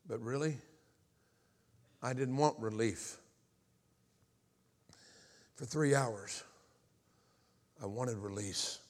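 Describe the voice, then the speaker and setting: A middle-aged man from Alabama, preaching a personal testimony and swinging between hushed retelling and loud, impassioned outbursts. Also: medium pitch, extremely slow, long pauses. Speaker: evangelist. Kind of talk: testimony sermon.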